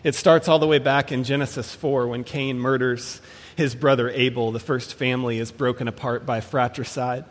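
A man's voice: medium pitch, fairly even intonation. Man preaching a sermon in a reverberant hall. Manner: measured, emphatic, slows on key phrases.

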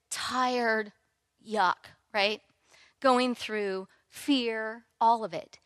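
A woman in her thirties telling a personal faith story in an animated, candid way. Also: mid-range voice, dry recording. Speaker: church member sharing a testimony.

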